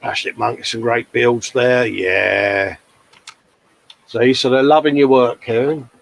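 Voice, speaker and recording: A man's voice: medium pitch, slow, vocal fry, poor audio. A man hosting a casual live-stream chat, matey and full of tag questions. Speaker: host.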